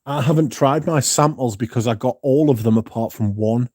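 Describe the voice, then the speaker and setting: A man's voice: mid-range voice, normal speed, warm tone. A man hosting a casual livestream, rambling through stories and reading out viewer comments to answer them, swearing now and then. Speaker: livestream host.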